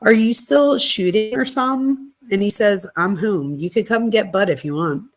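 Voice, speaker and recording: A woman at a middle pitch reads text messages aloud for a true crime channel. She keeps it conversational and plain, dropping quick asides between the texts rather than acting out the senders. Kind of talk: reading text messages aloud with casual commentary.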